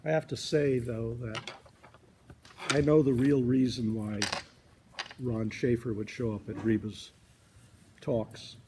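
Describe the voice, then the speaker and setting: A man's voice: mid-range voice, steady tone, takes it slowly, long pauses, background noise. A man speaking at a memorial, telling wry anecdotes about the deceased.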